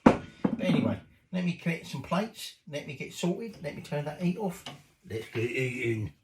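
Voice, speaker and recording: A man's voice: a little high, big pitch swings, moderate pace, very noisy. A man chatting cheekily while cooking in his home kitchen, swearing casually as he goes. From Britain.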